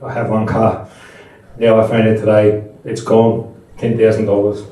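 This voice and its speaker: Heard distantly in a very echoey room, a middle-aged man talks to a live audience at a Buddhist seminar, telling anecdotes in a conversational way with frequent restarts. He speaks monotonously at a moderate pace, in a lowish, dark voice.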